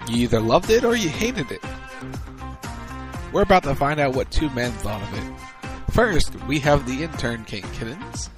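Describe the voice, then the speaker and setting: A man's voice: mid-range voice, very animated, moderate pace, long pauses, music in the background. A man hosting a casual podcast, introducing his co-hosts with wry, teasing banter. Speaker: podcast host. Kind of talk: casual wrestling podcast chat.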